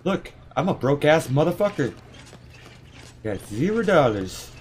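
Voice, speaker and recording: A man's voice: on the high side, very animated, measured pace, slight background noise. A man casually commenting while he plays a video game, swearing often and laughing at it. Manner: profane, laughing, talks to the game. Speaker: streamer. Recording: game music playing behind.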